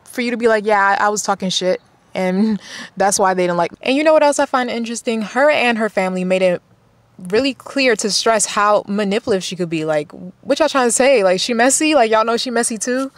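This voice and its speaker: A woman's voice: on the high side, expressive, brisk, no echo. A woman vlogger ranting in blunt, exasperated casual commentary, swearing often.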